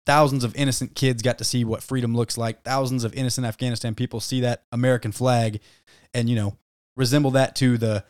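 A man co-hosting a casual podcast chat, ranting heatedly and cursing freely. His voice sits at an ordinary middle pitch for a man. The sound is dry, with almost no room echo. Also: flat delivery, fairly quick, a little mellow, smooth. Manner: heated, swears a lot, ranting. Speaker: podcast co-host.

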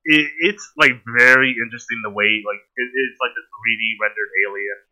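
A man's voice: medium pitch, brisk, pushed and bright. A man chatting casually on a podcast, stumbling over his words with many fillers.

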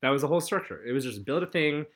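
A man's voice: medium pitch, lively intonation, rapid-fire, fairly bright tone. A young man, a college student, telling a story in a casual chat with friends, laughing often and acting out the people he quotes. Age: young adult. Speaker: podcast co-host.

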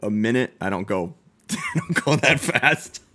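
A young man co-hosting a casual chat, telling a story with lively quoted dialogue, swearing and laughing as he goes. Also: on the low side, measured pace. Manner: animated, acts out quoted dialogue, swears freely, laughs often. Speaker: podcast co-host.

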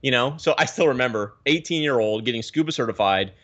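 A man in his thirties from the Pacific Northwest, a guest telling his story in a casual interview with lively swings of pitch. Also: quick pace, muffled recording. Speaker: guest, reef aquarium YouTuber.

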